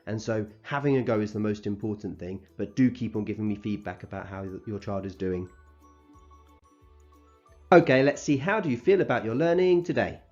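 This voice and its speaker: A man teaching a recorded phonics lesson to young children, sounding out letters slowly and clearly and praising them as they go. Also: on the low side, a little mellow, dull audio. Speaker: primary school teacher.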